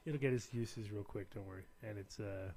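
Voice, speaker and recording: A man's voice: fairly low pitch, a little fast, vocal fry, darkish tone. An American man hosting a show, rambling through a casual story, often laughing and putting on other people's voices. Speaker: show host. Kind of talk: casual chat.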